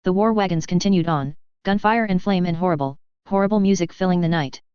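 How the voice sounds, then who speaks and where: A woman reading fan fiction aloud in a steady, plain storytelling manner, on a dull lo-fi recording. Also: on the low side, fast talker, smooth, no echo. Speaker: reader.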